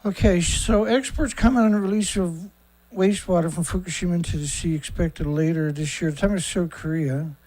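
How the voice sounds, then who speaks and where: A man's voice: high voice, fairly even intonation, brisk, few pauses, a little mellow. Blunt, sarcastic middle-aged man host. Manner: rambling with frequent fillers and asides. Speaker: host of a daily news livestream. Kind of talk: casual livestream commentary.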